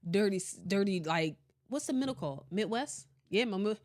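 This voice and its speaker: Animated playful woman podcast host. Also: medium pitch, moderate pace. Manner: animated, playful, laughing often. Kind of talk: casual podcast chat reading live comments.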